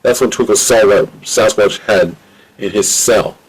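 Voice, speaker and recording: A man's voice: on the low side, a little slow, husky, low-quality recording. A man reading his own adventure story aloud on a home microphone, in plain, repetitive narration. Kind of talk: amateur audiobook reading.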